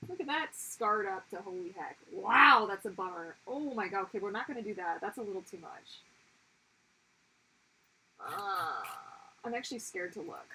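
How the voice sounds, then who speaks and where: A woman's voice: medium pitch, expressive, moderate pace, sharp tone, slight background noise, rough recording. A young woman hosting a livestream, chatting casually while she draws, rambling and interrupting herself with sudden exclamations. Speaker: livestream host and artist. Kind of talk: casual chat while drawing.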